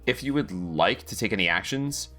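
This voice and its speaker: A man runs a tabletop game as game master, explaining options and rules patiently and at length. His voice sits low. Faint background music plays under him. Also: lively intonation, moderate pace, bright, forceful tone.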